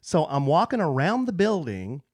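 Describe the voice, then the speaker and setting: A man co-hosting a podcast tells a story with an animated, swinging delivery and keeps slipping into the voices of the people in it. He is recorded close, with a dry, tight sound. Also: a little high, normal speed, no echo. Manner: animated storyteller, acts out quoted voices, laughs often. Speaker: podcast co-host. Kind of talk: casual chat, storytelling. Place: podcast studio.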